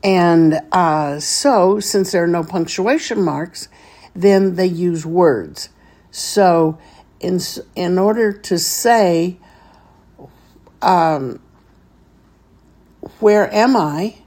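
A woman's voice: fairly low pitch, extremely slow, long pauses, darkish tone. A woman teaching a beginners' Hebrew reading lesson, patiently sounding out each syllable step by step.

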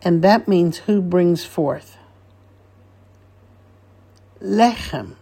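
A woman's voice: fairly low pitch, a little slow, warm tone. A woman teaching a Hebrew blessing phrase by phrase, patiently asking listeners to repeat after her. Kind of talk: slow call-and-repeat instruction.

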